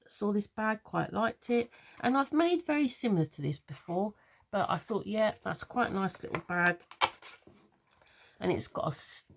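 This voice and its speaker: Homely English woman crafter, gravelly low voice, chatty, meandering tutorial delivery, faint background hiss. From London. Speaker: papercraft tutor. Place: home craft room.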